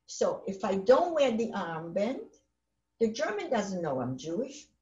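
An old woman, recounting her own testimony. She talks in halting bursts and leans on words by repeating them. The recording is roomy and a little dull. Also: mid-range voice, big pitch swings, mellow. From Poland. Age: 80s. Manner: halting, emphatic retelling with repeated phrases. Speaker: Holocaust survivor speaker. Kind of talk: personal testimony.

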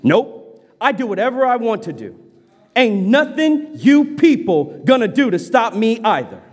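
A cocky, sneering young schoolboy, acted out by a male preacher in a high and jumpy voice, tough-talking and rebellious. The sound rings with long church-hall reverb. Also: very animated, unhurried, slightly rough, exaggerated voice. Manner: sneering and cocky, later pleading in tears. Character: defiant young schoolboy who breaks down sobbing.

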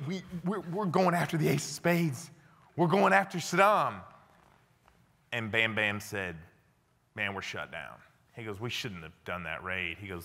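A man, a former army interrogator, telling a story to an audience, dropping low and quiet for the quoted lines. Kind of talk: storytelling lecture. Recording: long hall reverb.

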